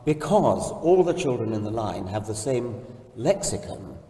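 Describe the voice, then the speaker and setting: A man speaking on stage in a public discussion, explaining ideas in a measured, precise way. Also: fairly low pitch, very animated, mellow. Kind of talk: thoughtful onstage discussion. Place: large hall, in front of an audience. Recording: roomy hall, distant mic.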